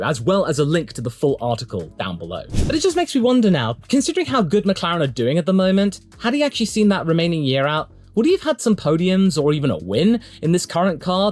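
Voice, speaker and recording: A man delivering chatty, opinionated solo commentary for an online video, emphatic and swinging his pitch for emphasis. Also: darkish tone. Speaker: motorsport YouTube commentator.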